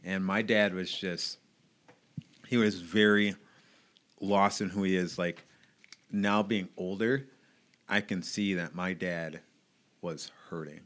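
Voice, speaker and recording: Bright-voiced man in his late 30s, open and reflective. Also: sits low, steady tone, slow pace, pauses often. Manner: open and reflective, laughs often. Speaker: podcast guest, evangelist and motivational speaker. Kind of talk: casual chat.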